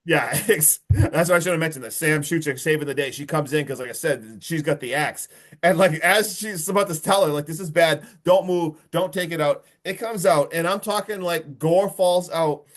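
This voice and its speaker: Man, podcast host, fairly high voice, excitable, swears a lot, casual plot recap. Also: normal speed. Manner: excitable, profane, recounts plot with swearing and laughs. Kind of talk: casual movie review chat.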